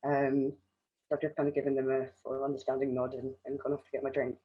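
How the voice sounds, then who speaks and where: A woman's voice: rumbling low, level tone, fast, slightly rough, lo-fi sound. A woman who works festival welfare, telling a story at a panel talk with frequent ums.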